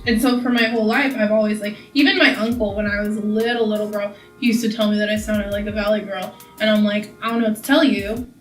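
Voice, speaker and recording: A young beauty vlogger from California chats and rambles while doing her makeup, saying "like" a lot. Her medium-pitched voice is steady in tone and quick. She sounds slightly off-mic in an echoey room, with faint music in the background.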